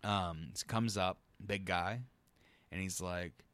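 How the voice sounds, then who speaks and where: A man's voice: sits low, fairly even intonation, slow, a bit bright, no room sound. A man co-hosting a podcast, telling a work story in a loose, profane, rambling way, often cracking himself up. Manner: profane, rambling, laughs through stories. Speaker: podcast co-host. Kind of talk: casual storytelling chat.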